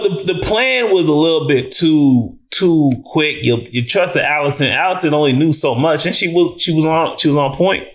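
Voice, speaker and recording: A man giving a casual, animated reaction review of a TV episode, talking in slang, swearing and restarting often. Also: a little high.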